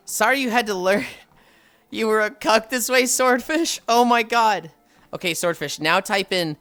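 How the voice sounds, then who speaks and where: A streamer chatting with viewers in an easy, rambling way, often sighing and laughing between stories. The voice is bright and crisp, and faint music plays behind. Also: mid-range voice, slow, pauses often. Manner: chatty storytelling, frequent sighs and laughs. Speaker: livestreamer. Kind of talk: casual live-stream chat.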